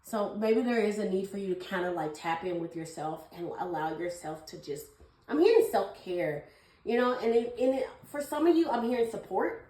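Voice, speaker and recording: A young woman doing a casual tarot reading for her viewers, talking fast in a gushing, affectionate way and calling them honey and babies. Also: medium pitch, animated, dark tone, roomy sound, poor audio. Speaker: tarot reader.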